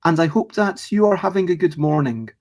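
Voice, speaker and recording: A man's voice: a little high, lively intonation, a little fast, darkish tone. A man hosting a casual live stream, rambling chattily about board games and greeting viewers in the chat as he goes. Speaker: streamer and host.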